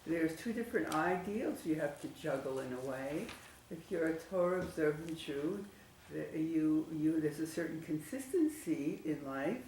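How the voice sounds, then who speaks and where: Congregant, off-mic and roomy, animated pitch, thinking aloud. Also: normal speed, slight background noise. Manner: thoughtful, hesitant restarts. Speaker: congregant in class. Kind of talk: class discussion comment. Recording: distant mic in echoey room.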